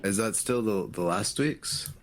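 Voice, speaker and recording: Male co-host, very deep voice, relaxed, short replies, faint hiss behind. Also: measured pace. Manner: laid-back, brief replies, reading out a list. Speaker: podcast co-host. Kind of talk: casual chat.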